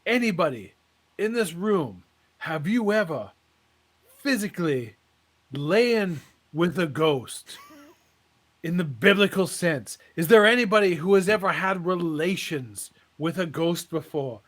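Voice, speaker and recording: A man voicing a showy, fervent male tent-revival preacher in a pompous preaching cadence with drawn-out pauses. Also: a little high, expressive. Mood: solemn build-up.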